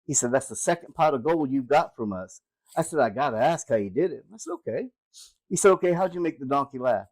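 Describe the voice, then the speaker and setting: Animated older man telling jokes. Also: medium pitch, fast, rough recording. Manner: animated, laughs at his own punchlines. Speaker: joke-telling host. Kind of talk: casual joke telling.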